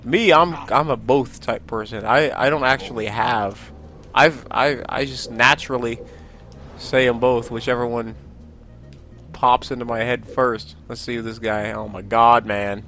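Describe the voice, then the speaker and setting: Over slight background noise, a young man offers casual commentary on his own gameplay as a Let's Play host, rambling, laughing often, and poking fun at himself. He speaks a little slowly in a mid-range voice with fairly even intonation and a sharp tone.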